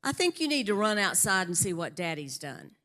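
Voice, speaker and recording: A woman's voice: mid-range voice, sing-song, brisk, a bit bright. A woman voicing a laughing mother. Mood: delighted. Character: cheerful older Southern mother, warm and laughing.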